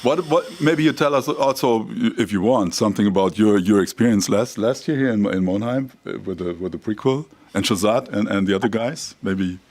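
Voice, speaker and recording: A man hosting a press briefing, speaking haltingly and restarting phrases as he searches for words. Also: on the low side, darkish tone. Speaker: festival host moderating a press briefing.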